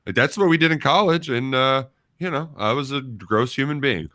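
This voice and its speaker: A man's voice: mid-range voice, lively intonation, moderate pace, bright, forceful tone. A young man co-hosting a sports radio show from a studio, rambling casually with lots of "like" and "you know". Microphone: studio microphone.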